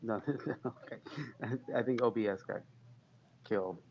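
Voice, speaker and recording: This is a man helping run a livestream. He talks calmly and matter-of-factly while sorting out a technical problem. His low voice comes through a muffled, lo-fi mic that sounds like an intercom. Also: a little slow, slight background noise. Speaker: stream technician and co-host. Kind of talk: casual chat.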